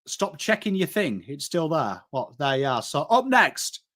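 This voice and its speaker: A man's voice: a little high, very animated, normal speed, fairly bright tone. An English man hosting a casual live stream, chatting with viewers and calling them mate. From England. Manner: chatty, banters with chat, calls people mate. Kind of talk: casual live-stream commentary reading chat.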